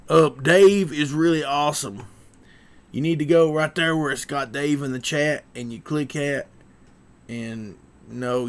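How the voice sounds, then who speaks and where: A boastful, gravelly lumberjack of a man, as a streamer puts him on, rumbling his words with an exaggerated manly drawl. The voice sits a touch high for all its swagger and crawls along slowly, with plenty of rough fry in it. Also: a bit bright. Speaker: livestream host.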